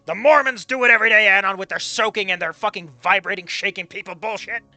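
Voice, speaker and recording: A man's voice: high voice, fast, sharp tone, soft background music. A man reading aloud the lines of a brash, shameless, teasing young woman from a fan story. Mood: brazen.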